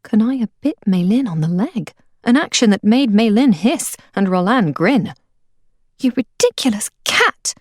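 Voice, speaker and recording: A woman reads a storybook aloud with lively, expressive rise and fall. Her voice sits in a middle range and sounds close to the mic, with a dry finish. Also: mid-range voice, moderate pace, no room sound. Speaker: narrator. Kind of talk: audiobook reading.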